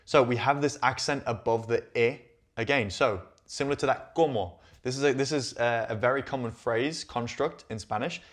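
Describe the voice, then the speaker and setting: A man teaching Spanish, walking slowly through on-screen sentences and repeating each phrase before translating it. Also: medium pitch. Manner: patient, repeats phrases, thinks aloud.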